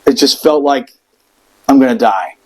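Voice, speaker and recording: A man telling a personal story in casual podcast chat, animated and profane, acting out the people in it. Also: mid-range voice, normal speed, rough recording. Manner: animated, profane, acts out voices in quotes.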